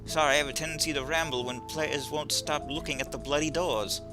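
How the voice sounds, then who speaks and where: A man voicing a sardonic gentleman cat burglar in a put-on British accent, deadpan and wry, for a video game. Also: on the high side, a little fast, over music, close to an everyday voice. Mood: rambling. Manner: dry, deadpan, wry asides. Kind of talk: video game voice-over reading.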